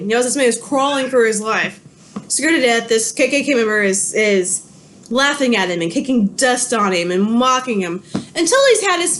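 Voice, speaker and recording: Chatty high-voiced woman lecturing from home. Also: fairly bright tone, a little hiss or hum. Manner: conversational storytelling, self-correcting. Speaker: history lecturer. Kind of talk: recorded online lecture. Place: home with pets.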